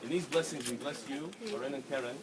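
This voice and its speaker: A man's voice: medium pitch, fast, very noisy. A man officiating a wedding ceremony, explaining the rites in plain words and chanting blessings. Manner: explains warmly and plainly, then chants Hebrew prayers. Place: outdoor wedding ceremony with guests. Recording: loud crowd of guests. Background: crowd of wedding guests.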